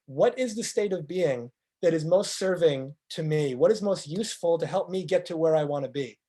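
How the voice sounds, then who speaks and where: A man with a high, mellow voice delivers a motivational talk. He speaks earnestly and stacks up rhetorical questions to drive each point home. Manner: earnest, acts out quoted speakers in lively voices. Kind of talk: motivational presentation.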